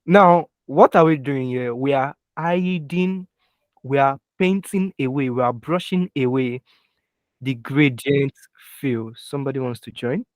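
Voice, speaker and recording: A young man leads a live online software lesson, walking through each keyboard shortcut one step at a time. He keeps stopping to ask his students whether they can follow. His voice is recorded dry and close on a computer mic, with keyboard taps heard under it. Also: mid-range voice, a little slow, no room sound. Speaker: design instructor.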